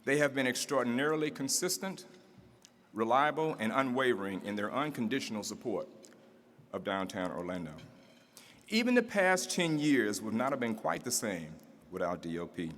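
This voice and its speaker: A man's voice: mid-range voice, big pitch swings, moderate pace, a bit bright. A man acting as master of ceremonies at a civic event, reading formal introductions and building to a rousing, rhythmic oratorical finish. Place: large event hall with audience. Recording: reverberant hall, faint room ambience.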